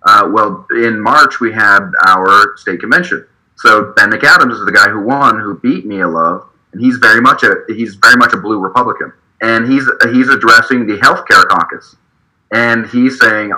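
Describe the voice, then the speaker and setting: A man's voice: fairly low pitch, moderate pace, pushed and bright, low-quality recording. A man from Utah telling a heated, profane story in a casual political discussion, stumbling and restarting as he talks. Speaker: activist guest, state party delegate. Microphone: video call.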